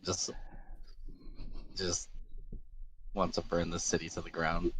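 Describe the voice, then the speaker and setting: A man's voice: low-pitched, monotone, slow, a bit bright, a little hiss or hum. A man casually describing his character's actions as a player in a tabletop game, with a joking tone.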